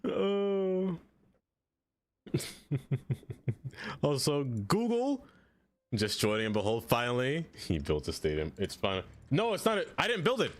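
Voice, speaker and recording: A man streaming a game live, chatting casually with his viewers, laughing often and jumping into high excited exclamations. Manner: chatty, laughs often, talks straight to chat.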